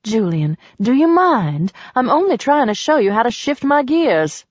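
Brief: woman reading exasperated young driving teacher, sharp yet warm. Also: fairly high pitch, sing-song, measured pace, no echo, pitched above the performer's own voice. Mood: exasperated teaching. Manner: scolding but kind. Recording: dull dry recording.

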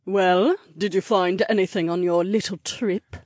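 Man voicing a proud, prickly sea duchess in a storybook, raised husky voice, dry close sound. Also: high voice, big pitch swings, a little slow, no echo, voice pushed up, heavily acted. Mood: snarky. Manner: haughty, defensive, sometimes stammering. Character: snarky proud mermaid duchess, middle-aged. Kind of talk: audiobook character voice.

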